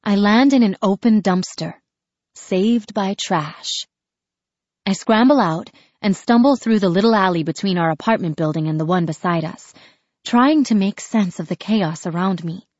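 A woman's voice: mid-range voice, moderate pace, a little mellow, dry recording, highs cut off. Woman narrating a tense audiobook. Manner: tense, dramatic storytelling. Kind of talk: first-person audiobook narration.

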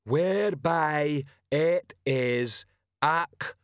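A man voicing a huge, slow-witted male troll sergeant who bellows and stumbles over long words, in an audiobook. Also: fairly high pitch, clean tone, no echo, clean studio sound, pitched above the performer's own voice. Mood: laboured. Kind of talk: audiobook character voice.

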